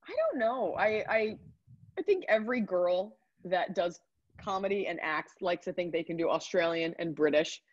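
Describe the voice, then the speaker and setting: A woman in her thirties, a comedian, chatting upbeat and quick in an interview over a video call. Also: lowish voice, lively intonation, dry recording. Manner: chatty, upbeat, rapid asides. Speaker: comedian guest. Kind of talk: casual interview answers. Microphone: computer mic on a video call. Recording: dry, dull video call audio.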